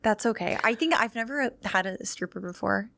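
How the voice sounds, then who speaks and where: A woman's voice: mid-range voice, lively intonation, moderate pace, gravelly, fairly bright tone. A woman co-hosting a podcast, chatting in a giggly, rambling way. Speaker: podcast co-host. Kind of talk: casual chat.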